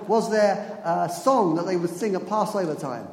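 High-voiced man preaching in an echoey hall. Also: moderate pace. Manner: storytelling, animated, laughs at own asides. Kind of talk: sermon. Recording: echoey hall with long reverb.

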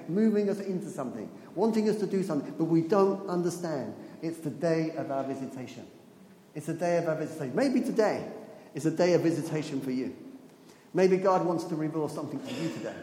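A man's voice: on the high side, dark tone. A man preaching a sermon in a chatty, storytelling way, laughing often and repeating phrases for emphasis. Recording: echoey hall with faint room noise.

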